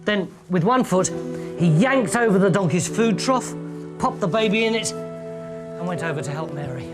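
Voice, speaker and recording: A man's voice: sits high, expressive, moderate pace. A man telling a comic story dramatically and theatrically, often shifting his volume, over music.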